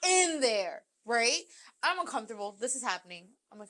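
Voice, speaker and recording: Lively young woman telling a wild story. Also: on the high side, a little fast. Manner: animated, swearing, acts out quotes with laughs. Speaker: podcast co-host. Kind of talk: casual storytelling chat.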